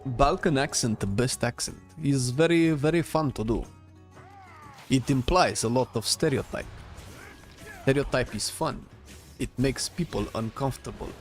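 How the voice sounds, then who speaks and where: A young man giving live gameplay commentary, excitable, chanting and shouting at the game. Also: mid-range voice, moderate pace. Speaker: game streamer. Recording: faint music behind.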